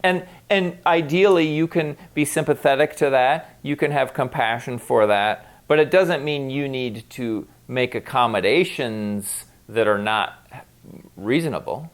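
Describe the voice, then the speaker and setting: A man's voice: medium pitch, a little slow. A man co-hosting a podcast, talking frankly and with some swearing in casual chat, often acting out quoted lines. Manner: frank and profane, acts out quoted dialogue. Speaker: podcast co-host.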